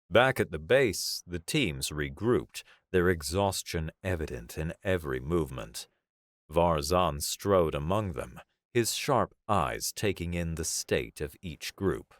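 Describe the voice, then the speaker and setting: A man narrates a science fiction story in a measured, dramatic way. His voice is very deep and his intonation moves a lot, at an unhurried pace. The read is dry and close to the mic. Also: lively intonation, no echo. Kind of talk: audiobook sci-fi narration.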